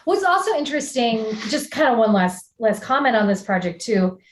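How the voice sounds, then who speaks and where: A woman artist guest on a podcast, talking through her ideas in a relaxed, reflective way. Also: on the high side, fairly quick, slight background noise. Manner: reflective, talks through ideas with many fillers. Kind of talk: casual podcast conversation. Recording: echoey room.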